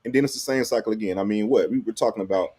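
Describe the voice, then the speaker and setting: A man's voice: on the low side, very fast, darkish tone, breathy edge. A man rants about college football coaches with a co-host, emphatic, mocking and full of swearing. His voice is dry and close, with no room echo. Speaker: co-host of a fan call-in show. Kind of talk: casual sports talk.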